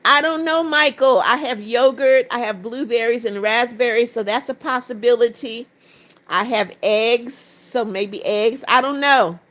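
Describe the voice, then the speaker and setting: A woman's voice: a little high, a little slow, fairly bright tone. A woman in her seventies hosting a live stream, tired after hours of talking, reading each viewer comment aloud and answering it briefly. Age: 70s. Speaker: livestream host.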